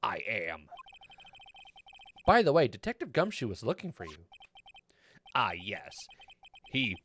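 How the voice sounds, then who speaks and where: A man voicing a haughty, composed male prosecutor in a video game, reading in a dry, measured, lowered voice. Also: huge pitch swings, fairly bright tone, slight background noise, exaggerated voice.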